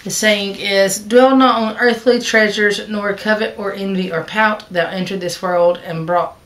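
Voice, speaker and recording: A woman vlogs casually to the camera about her stitching in a medium-pitched, steady, slightly bright voice at an unhurried pace. She has hiccups, and her chatty rambling is dotted with fillers, self-corrections and restarted sentences.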